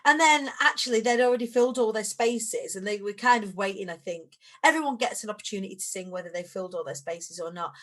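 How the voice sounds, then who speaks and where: A woman in her thirties with a Lancashire accent, a podcast guest telling her story in animated conversation. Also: medium pitch, quick pace, hardly any pauses. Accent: Lancashire English. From England. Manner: animated storytelling, rising sharply when excited. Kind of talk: conversational interview.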